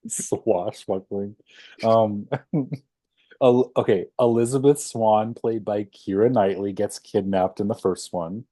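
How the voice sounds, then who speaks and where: Young man, low mellow voice, slow and hesitant, lots of ums, laughs often, dry sound. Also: no echo. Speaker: podcast co-host. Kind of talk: casual chat.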